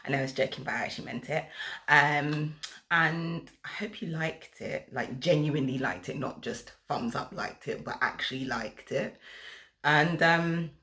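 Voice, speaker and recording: A woman's voice: sits low, normal speed, bright, forceful tone. A young woman from South London with a South London accent, chatting casually to her vlog audience, rambling and joking at herself with plenty of fillers. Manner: chatty, rambling, self-mocking, lots of fillers. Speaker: vlogger.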